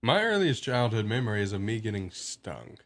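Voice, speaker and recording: A man's voice: lowish voice, big pitch swings, brisk, fairly bright tone. An eighteen-year-old man from Alabama, a podcast guest telling stories casually, self-mocking and rambling. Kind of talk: casual storytelling.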